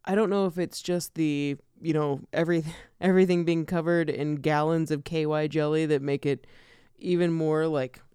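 Woman podcast co-host, casual film chat, lively and laughing, smooth clear voice, dry close mic. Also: deep voice, moderate pace, no room sound. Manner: animated, laughs often, loves animals.

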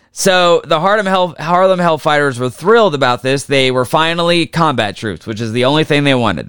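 Male podcast host, casual and crude storytelling, smooth clear voice, dry close-mic sound. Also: medium pitch, fairly bright tone, no room sound. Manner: profane, jokey, does mocking voices for historical figures.

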